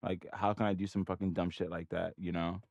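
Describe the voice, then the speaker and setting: In this live trading commentary, a low, creaky-voiced man talks briskly, swearing at himself, lecturing his audience and mumbling between trades. His profane, self-critical outbursts come through a muffled recording with no room sound.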